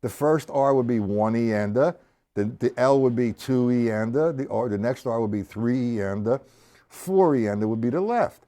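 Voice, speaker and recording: A man's voice: mid-range voice, moderate pace, dark tone. Male drum teacher, live stream, counts beats and names stickings step by step, drums playing in the background. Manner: counts and calls sticking aloud, explaining step by step. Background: drum kit playing.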